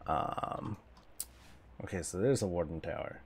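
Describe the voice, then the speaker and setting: A man's voice: deep voice, a little slow, a little hiss or hum. A man chatting casually on a game stream, rambling and joking, laughing often between thoughts, speaking into a desk mic. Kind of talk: casual stream chat while gaming.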